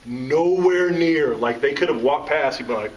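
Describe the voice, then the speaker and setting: A man's voice: a little high, normal speed, lo-fi sound, crowd noise. A man from the South, an author and teacher telling jokes and stories to a live audience. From American South. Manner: joking, animated storyteller. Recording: distant mic with audience around.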